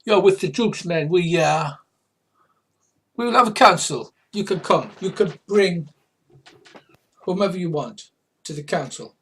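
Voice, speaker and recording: A proud alien warrior chieftain, played by a man, stubborn and unbending. He speaks in stiff, halting, broken phrases, pitched high above the man's own voice. A husky grain runs through it. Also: expressive, a bit bright, full character voice. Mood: stern.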